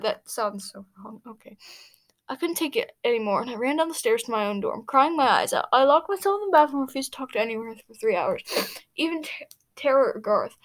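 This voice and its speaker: A woman's voice: high voice, expressive, fairly quick. A woman reading fan fiction aloud, stumbling over words and stopping for her own asides. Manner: stumbling, restarting, laughing asides. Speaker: fanfic reader.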